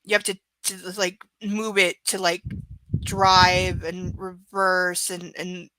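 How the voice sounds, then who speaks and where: A woman hosting a live book reading stream, chatting casually with her viewers in a halting way, full of fillers and restarts. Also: fairly low pitch, little pitch movement, bright, forceful tone, dry recording, rough recording. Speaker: livestream host reading a book.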